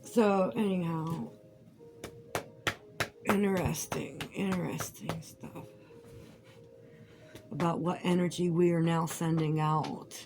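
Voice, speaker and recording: Woman, lower voice, swearing, rambling casual monologue, laughing a lot. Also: rough recording. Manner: profane, rambling, laughs often. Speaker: vlogger. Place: at home while crafting.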